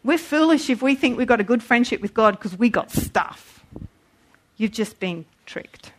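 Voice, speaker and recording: Woman, preacher, sermon, high voice, animated. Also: normal speed, a little hiss or hum. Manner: animated, acts out voices in quotes.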